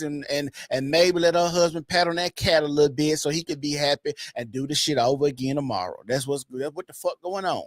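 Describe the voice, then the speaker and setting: A man's voice: on the high side, brisk, few pauses, no echo, studio quality. Profane, laughing podcast host man. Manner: loose, profane, laughs often, animated storytelling. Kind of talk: casual podcast chat.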